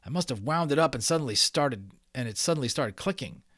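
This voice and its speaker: A man's voice: medium pitch, animated, measured pace, fairly bright tone, no echo, studio quality, voice pushed up. A man reading aloud and voicing a defensive boy who hurries to hide a secret. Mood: flustered.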